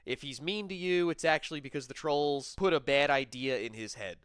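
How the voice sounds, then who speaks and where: A man's voice: on the high side, fairly quick, a bit bright, clear, resonant tone, no echo. Dry, mocking male commentator. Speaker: commentary channel host. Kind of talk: sarcastic commentary voice-over.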